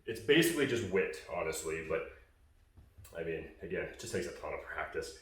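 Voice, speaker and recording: Low-voiced guy rambling through a goose call tutorial, lots of uhs, sounds distant in a really echoey space. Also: big pitch swings, a little fast, a bit bright. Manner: casual, rambling, many fillers and restarts.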